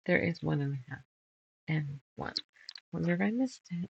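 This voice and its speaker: Gravelly woman muttering through sewing. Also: low voice, lively intonation, moderate pace, lo-fi sound, slight background noise. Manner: muttering measurements while sorting fabric. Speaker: quilting channel host. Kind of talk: casual sew-along chat.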